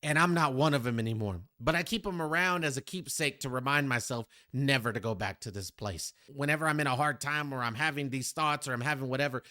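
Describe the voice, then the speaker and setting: A man's voice: mid-range voice, quick pace, few pauses, sharp tone, dry recording, clean studio sound. A man hosting a music reaction video, talking reflectively and directly to his viewers. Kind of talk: casual reaction commentary.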